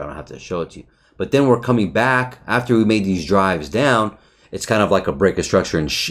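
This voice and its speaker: A man casually reviewing a trading chart, talking loosely, swearing often, restarting phrases and checking in with "right?". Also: low-pitched. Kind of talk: casual market recap over a chart.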